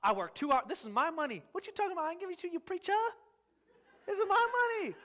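A man voicing a churchgoer who grumbles indignantly and rapidly about giving money to the church. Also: very high-pitched, very animated, bright, forceful tone, pitched above the performer's own voice, exaggerated voice.

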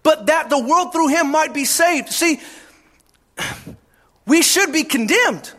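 Middle-aged male pastor, impassioned sermon delivery, high and bright, shouts to drive points home. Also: slow. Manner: impassioned, often shouting for emphasis.

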